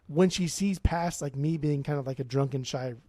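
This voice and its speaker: Rambling young man with a dark voice. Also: a little high, moderate pace, no room sound. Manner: rambling, swears a lot, many fillers. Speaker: podcast co-host. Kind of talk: casual chat.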